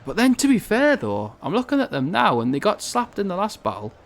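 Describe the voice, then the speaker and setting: A man's voice: sits high, huge pitch swings, a little fast, vocal fry. A man from northern England giving rambling, chatty commentary on a strategy game, swearing casually as he plays. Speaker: gaming video host.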